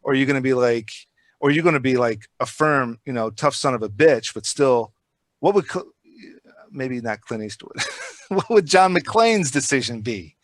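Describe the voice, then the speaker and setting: A man's voice: medium pitch, normal speed, no echo. A man chatting casually on a podcast, telling rambling, profane stories with lots of energy. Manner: rambling, profane, animated storytelling.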